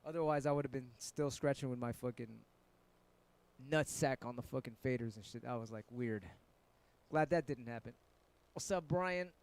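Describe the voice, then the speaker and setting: A man's voice: mid-range voice, fairly even intonation, normal speed, darkish tone, no room sound. A middle-aged man from San Francisco, chatting casually with viewers on his live stream and telling rambling stories full of swearing. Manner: laid-back, profane, rambling storytelling. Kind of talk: casual livestream chat with viewers.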